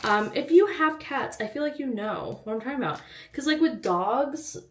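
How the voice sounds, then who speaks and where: A woman's voice: high-pitched, lively intonation, normal speed. Girl with a little lisp rambling to her vlog camera, anxious and chatty. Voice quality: slight lisp. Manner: chatty, anxious, self-interrupting. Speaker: book vlogger. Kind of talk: casual vlog chat.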